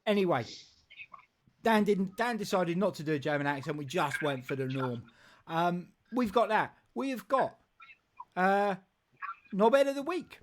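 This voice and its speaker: A man's voice: high-pitched, lively intonation, normal speed, slight background noise. A man hosting a casual football live stream, rambling and jokey with frequent restarts. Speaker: football show host.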